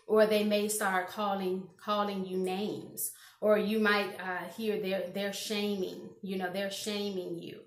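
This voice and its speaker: A woman's voice: mid-range voice, flat delivery, measured pace. A woman vlogger giving casual advice to camera in an earnest, rambling way with many restarts. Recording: roomy echo.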